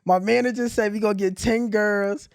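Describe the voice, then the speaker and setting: A man hosting a podcast, telling stories in a loose, animated way. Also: high voice, normal speed, creaky, clear, resonant tone, no room sound, clean studio sound. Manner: storytelling, animated retelling. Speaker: podcast host. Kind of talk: casual podcast chat.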